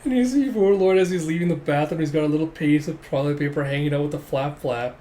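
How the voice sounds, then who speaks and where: A man's voice: fairly high pitch, quick pace, dark tone. A man giving a casual manga chapter recap, laughing often and retelling scenes with "it's like". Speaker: manga reviewer.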